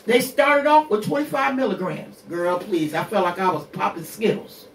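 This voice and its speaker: A woman's voice: medium pitch, normal speed, echoey room, recorded from a distance, a little hiss or hum. A woman in her sixties hosting a radio show, telling her own hard story bluntly, with curses and rhetorical questions. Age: 60s. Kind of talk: candid personal monologue.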